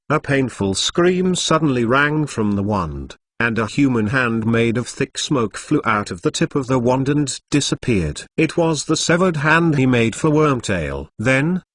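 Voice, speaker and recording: A man's voice: mid-range voice, a bit bright. A man's synthetic voice narrating a web novel, reading web addresses and symbols aloud. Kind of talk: text-to-speech novel narration.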